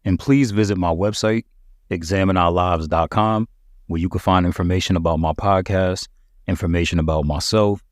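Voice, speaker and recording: A man's voice: deep voice, fairly even intonation, normal speed, no echo, studio quality. A man hosting a solo podcast, talking to listeners in a conversational, emphatic way. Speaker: podcast host.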